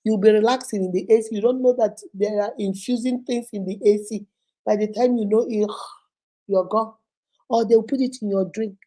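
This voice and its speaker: A Nigerian woman hosts her advice vlog in a rather high but mellow voice. She tells the story with lively energy, acts out each person's lines, and speaks straight to her viewers to warn them. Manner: animated, acts out every character's lines. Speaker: host.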